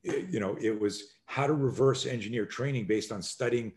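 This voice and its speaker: A man in his sixties, a self-defense instructor, telling stories in an energetic conversational way, acting out scenes with sudden shouted exclamations and frequent swearing. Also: medium pitch, moderate pace. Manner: energetic, emphatic, rambling explanations. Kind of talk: animated conversational storytelling.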